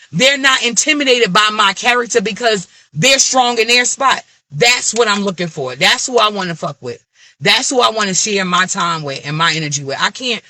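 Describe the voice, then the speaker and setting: A woman's voice: medium pitch, no echo. A woman with an African American Vernacular English accent, venting in a candid, blunt and profane rant to camera. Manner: blunt, profane, animated ranting. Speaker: vlogger.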